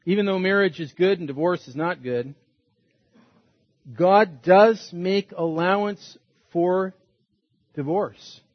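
A man's voice: sits high, slow, pauses often, no room sound, highs cut off. A man preaching a sermon as a pastor, earnest and emphatic, repeating his points.

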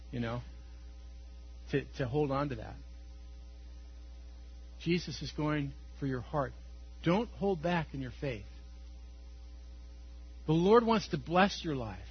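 A man preaching a Sunday sermon, reading scripture and speaking with animated emphasis, often chuckling, then dropping to quiet, earnest tones. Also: on the high side, slightly rough, highs cut off. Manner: animated, laughs often, swings between loud emphasis and quiet intensity. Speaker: pastor.

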